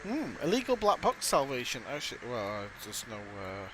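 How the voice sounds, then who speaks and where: A man's voice: mid-range voice, huge pitch swings, normal speed. A man giving casual, rambling commentary while playing a space game, chatty and prone to swearing. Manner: rambling, chatty, swears, bursts into loud shouted impressions. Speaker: game streamer. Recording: loud game music behind.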